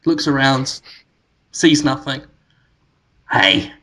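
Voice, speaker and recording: A man co-hosting a podcast, spinning a long comic movie pitch that wanders as he goes. His voice is bright and forward, and he keeps breaking into laughter at his own ideas. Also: normal speed. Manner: rambling storytelling, laughing at own jokes. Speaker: podcast co-host.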